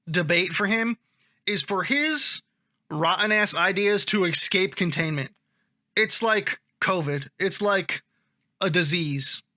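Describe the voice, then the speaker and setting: A man with a high, piercingly bright voice reads online comments aloud and reacts to them. His delivery is sarcastic and offhand, with plenty of swearing. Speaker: commentary vlogger.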